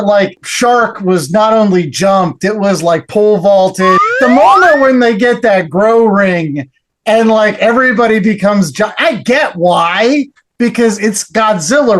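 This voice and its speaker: A man hosting a podcast, chatting casually and often stammering and restarting. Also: high-pitched. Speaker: podcast host. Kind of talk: casual comic book review chat.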